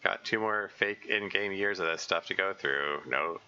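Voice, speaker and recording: Guy reading a deadpan young dude asking questions, lowish voice, muffled stream audio. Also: normal speed, soft background music, exaggerated voice.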